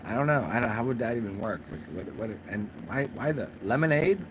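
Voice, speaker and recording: A man's voice: mid-range voice, expressive, brisk, noisy background. Rambling, tipsy man on a livestream. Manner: rambling, profane, laughs at his own jokes. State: a little drunk. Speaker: channel host answering live chat. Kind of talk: casual livestream chat.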